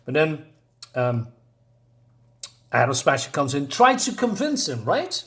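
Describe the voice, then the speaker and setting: A man's voice: on the high side, very animated, a little slow, fairly bright tone. A man reviewing a comic book, recapping the plot in a rambling, casual way and reading character lines aloud.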